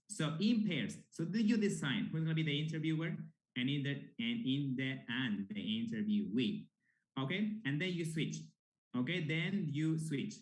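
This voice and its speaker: A man leads an online English class, explaining a pair activity step by step. He talks in a halting way, with frequent fillers and false starts, at a middle pitch. The sound has a roomy echo. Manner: halting, many restarts and fillers. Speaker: English teacher.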